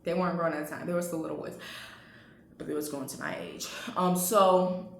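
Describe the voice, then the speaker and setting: A woman's voice: fairly low pitch, steady tone, fairly quick, creaky, a little hiss or hum. A young adult woman telling a storytime vlog, chatty and laughing, talking straight to her viewers. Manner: chatty, addresses viewers as y'all, laughs often. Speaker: vlogger. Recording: roomy echo.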